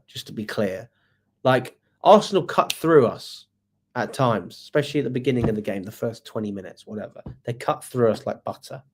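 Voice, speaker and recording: A man's voice: mid-range voice, a little mellow. A man in a mid-range voice runs a live match review on a fan channel, answering viewer comments as he goes. He is exasperated and swears freely, firing off one rhetorical question after another. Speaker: football fan channel host.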